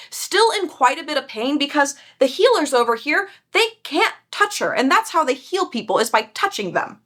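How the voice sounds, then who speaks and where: A young woman chatting casually through a book recap, sarcastic and quick to laugh. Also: high voice, fairly bright tone. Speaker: book vlogger.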